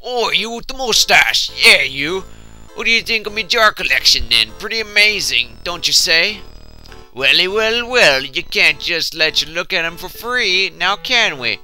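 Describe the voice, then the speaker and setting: A man's voice: high-pitched, expressive, brisk, hardly any pauses, sharp tone, soft background music, voice pushed up, heavily acted. A man voicing a boastful male ghost who collects jars, in a vague put-on accent, with a taunting manner.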